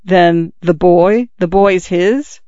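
Man playing an awkward grieving young peasant, hesitant, high clear voice, dry muffled sound. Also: moderate pace, darkish tone, no echo, natural voice. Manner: hesitant, embarrassed.

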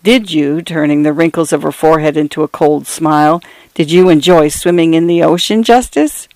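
A man's voice: on the high side, moderate pace, a little mellow, dry recording, natural voice. A man voicing a cold, pained middle-aged wife who speaks in clipped, murmured lines.

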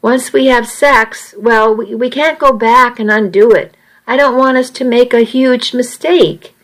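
A woman's voice: on the high side, unhurried, pitched above the performer's own voice, close to an everyday voice, rough recording. A woman voicing an earnest, worried seventeen-year-old boy in an audiobook reading. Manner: earnest and uneasy, reasoning things through.

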